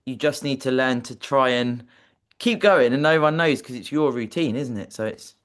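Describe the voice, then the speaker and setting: A man's voice: mid-range voice, moderate pace. A man hosting a podcast, talking casually with swearing and tumbling, half-finished questions. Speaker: podcast host.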